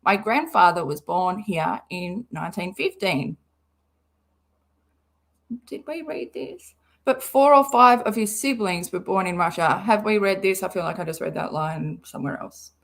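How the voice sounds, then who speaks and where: A woman's voice: fairly low pitch, measured pace, creaky. A woman doing casual live-stream commentary, sarcastic and rambling, who swears freely. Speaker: livestream commentator.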